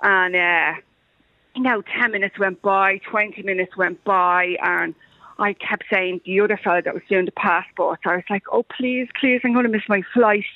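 A woman's voice: medium pitch, fairly even intonation, normal speed, dry recording. An Irish woman calling into a radio show, telling a story animatedly and acting out the voices in it. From Ireland. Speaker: radio caller. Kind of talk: phone-in storytelling. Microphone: telephone. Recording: muffled phone line.

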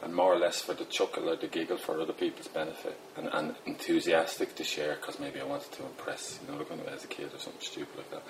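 A man's voice: very deep voice, quick pace, vocal fry, hardly any pauses, background noise. A middle-aged Irish man with a Dublin accent, a poet chatting in a rambling, self-deprecating way with lots of fillers. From Ireland. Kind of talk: casual interview talk.

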